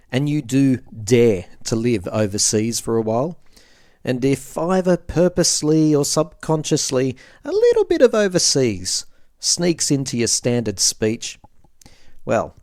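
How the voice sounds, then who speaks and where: A man's voice: medium pitch, darkish tone, no room sound. An Australian man hosting a podcast, giving a wry, chatty scripted monologue into a close mic. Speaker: podcast host.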